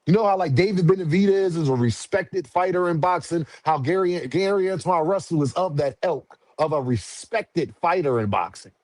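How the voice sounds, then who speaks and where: A man's voice: on the high side, normal speed, hardly any pauses, no echo. A man on a casual livestream, talking boxing in heavy slang and answering his chat directly. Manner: slangy, animated, talks back to chat. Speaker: boxing commentary streamer.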